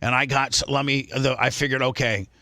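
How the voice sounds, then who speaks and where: Brief: man, radio host, bright forceful voice, dry close sound, rambling storyteller. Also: medium pitch, fairly even intonation, a little fast, no room sound. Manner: rambling anecdote with restarts. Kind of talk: casual talk radio storytelling.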